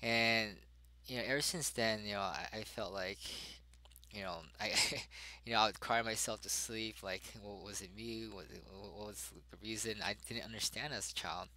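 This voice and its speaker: A young adult man, a father, telling a personal story in a halting way, full of fillers and restarts. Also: lowish voice, fairly even intonation, bright, forceful tone, no room sound, rough recording.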